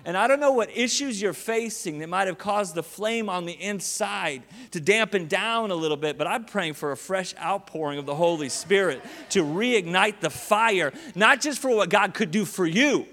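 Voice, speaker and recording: A man preaching as a guest speaker to a church, energetic and joking, with rising exclamations. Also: high voice. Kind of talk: sermon. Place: large church auditorium. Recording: long hall reverb with faint music.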